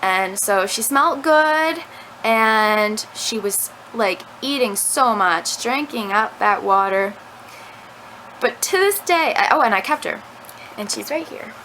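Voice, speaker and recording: A woman's voice: a little high, animated, takes it slowly, sharp tone, slight background noise, low-quality recording. A young woman telling a rambling story to her camera at home, full of "like" fillers. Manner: chatty, rambling, lots of "like" fillers. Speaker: vlogger. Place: at home indoors. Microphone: camera mic.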